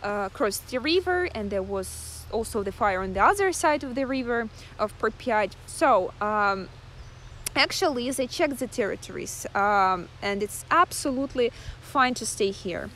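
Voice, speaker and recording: Lively high-voiced woman guide. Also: a little slow, slight background noise. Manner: chatty, hesitant with many fillers. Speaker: tour guide. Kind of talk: live-streamed guided tour. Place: outdoors in a town.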